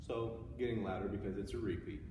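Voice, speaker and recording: A man's voice: on the low side, fairly even intonation, quick pace, mellow, slight background noise. A man giving a casual, upbeat music lesson, explaining how to play a passage. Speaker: music teacher. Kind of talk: instrument tutorial. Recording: echoey room from far off.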